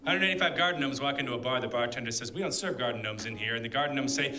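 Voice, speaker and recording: A man's voice: medium pitch, expressive, rapid-fire, over music. Man snapping off improv one-liners. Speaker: improv comedy performer. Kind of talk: improvised stand-up jokes on stage. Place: comedy theater stage.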